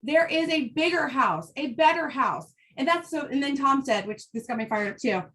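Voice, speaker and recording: High-voiced fired-up woman giving motivational talk. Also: moderate pace, a bit bright. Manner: fired-up, emphatic, blunt with swearing. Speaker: team leader addressing women in her business.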